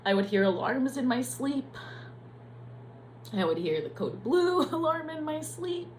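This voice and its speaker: A woman's voice: high-pitched, sing-song, measured pace, a little hiss or hum, rough recording. Candid, swearing nurse telling her story. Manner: candid and profane, emotional. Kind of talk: personal confessional vlog.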